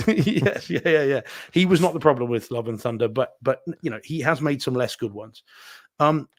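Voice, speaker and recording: A man's voice: mid-range voice, moderate pace. A man, co-hosting a live home theater show and giving a candid, rambling film opinion with many restarts. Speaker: podcast co-host reviewing movies. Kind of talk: casual live-stream chat.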